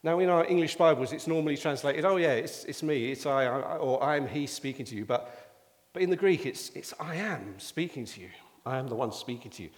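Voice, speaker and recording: A man's voice: mid-range voice, a little fast. A man preaching a sermon, explaining scripture in an emphatic teaching manner. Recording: long reverb of a church hall.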